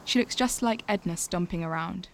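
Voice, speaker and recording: An actress narrating a radio drama as a young woman looking back on her family, in a slow, quiet, reflective first-person voice. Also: on the low side, natural voice. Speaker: lead narrator of an audio drama.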